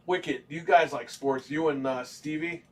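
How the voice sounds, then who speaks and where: A man's voice: on the high side, unhurried. A young man co-hosting a gaming livestream, telling rambling stories in casual, profane chat. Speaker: podcast co-host.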